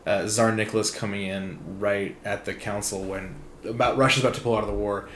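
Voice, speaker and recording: A man's voice: on the low side, steady tone, fairly quick, fairly bright tone. Sardonic man telling stories in an echoey room. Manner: sardonic storyteller, acts out quoted voices. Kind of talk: casual conversation. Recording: echoey room, faint background noise.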